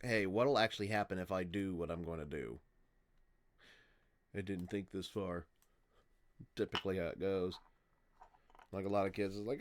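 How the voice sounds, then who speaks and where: A man's voice: low voice, fairly even intonation, normal speed, pauses often. Guy reacting to a story, lots of little okays and hmms, rambles off on tangents. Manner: short reactions and musing asides, drifting off mid-thought. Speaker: reaction channel host. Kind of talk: casual reaction commentary.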